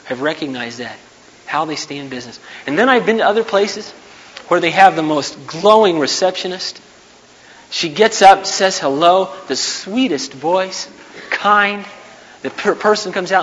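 A man giving a sermon in a conversational, storytelling manner, with sudden loud bursts. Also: fairly high pitch, lo-fi sound. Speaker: preacher. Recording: hall reverb, faint background noise.

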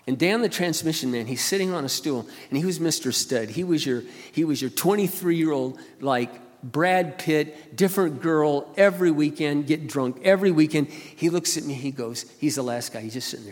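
A middle-aged pastor preaching in a church hall, his fairly high voice spinning stories and then swelling into loud appeals. A long reverb hangs after his words. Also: a little fast, hardly any pauses. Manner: storytelling, swings to loud preaching. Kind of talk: sermon.

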